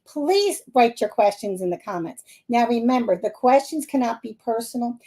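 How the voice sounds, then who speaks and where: Host: middle-aged woman, Philly-area accent, high-pitched, lively and laughing, talking to viewers on a live stream. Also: normal speed. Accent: Philadelphia area. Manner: chatty, animated, laughing often. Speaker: psychic medium hosting a live stream.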